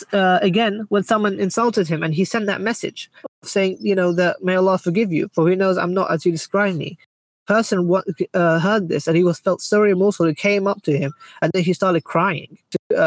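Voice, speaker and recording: A man's voice: high-pitched, no echo, rough recording. A man giving an informal religious talk about scholars, conversational and full of fillers and restarts. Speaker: Islamic speaker.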